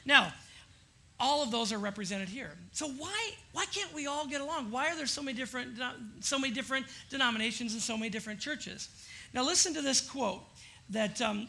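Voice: medium pitch, sharp tone. A pastor giving a conversational sermon in a church, questioning the congregation as they go. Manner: chatty, polls the congregation with questions. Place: church sanctuary before a congregation.

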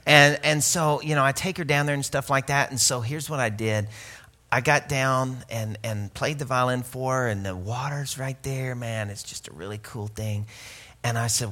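A man's voice: medium pitch, normal speed, bright, forceful tone. A man from Arkansas, telling a humorous, self-mocking story in a sermon, with many restarts.

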